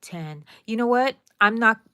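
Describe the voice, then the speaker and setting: A woman's voice: fairly high pitch, lively intonation, a little slow, sharp tone, clear, resonant tone, no echo, clean studio sound. A woman hosting a casual crochet tutorial, chatting to viewers and counting her stitches aloud.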